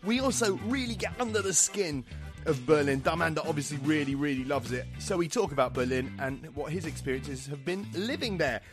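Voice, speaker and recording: Upbeat podcast host. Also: male voice, fairly high pitch, lively intonation, brisk, over music. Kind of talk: scripted podcast intro.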